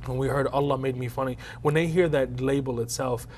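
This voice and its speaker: Brief: man interviewed, mid-pitched voice, earnest, faint hiss. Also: a little fast. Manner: earnest, animated storyteller. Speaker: comedian interviewed.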